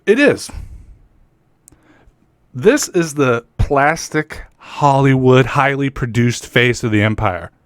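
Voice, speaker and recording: A man's voice: medium pitch, no room sound. Male commentary host, heated and profane. Dry, close recording. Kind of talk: angry political commentary.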